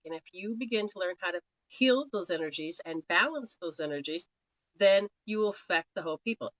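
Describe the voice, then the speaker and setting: A woman's voice: mid-range voice, fairly bright tone, dry recording, rough recording. A woman from Australia giving live spiritual readings in a chatty, rambling way, laughing often. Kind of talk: live-stream talk.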